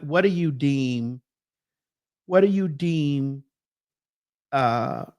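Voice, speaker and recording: A woman's voice: low-pitched, a bit bright. A woman hosting a reaction commentary, making her points emphatically and repeating them for weight. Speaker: host.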